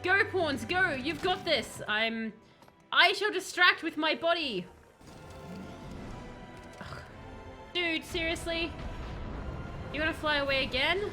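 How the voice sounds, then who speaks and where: A woman streaming a video game, chatting excitedly and talking to the characters on screen. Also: high voice, a little slow, pauses often, soft background music. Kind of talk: live gameplay commentary.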